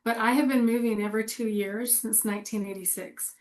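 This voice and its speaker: A woman's voice: a little high, steady tone, fairly quick, a little mellow. A woman in her forties chatting casually and candidly, rambling and laughing often. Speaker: co-host. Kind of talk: casual chat.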